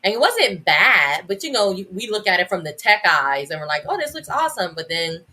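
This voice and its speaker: Woman, podcast guest, educator, enthusiastic, chatty, bright tone. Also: fairly low pitch, expressive, normal speed. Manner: enthusiastic, many restarts and "like" fillers. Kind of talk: casual podcast conversation.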